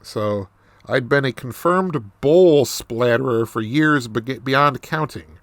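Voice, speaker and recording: A man reading a novel aloud and explaining it off the cuff, halting and self-deprecating with many restarts. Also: mid-range voice, creaky, a bit bright, no echo. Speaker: reader.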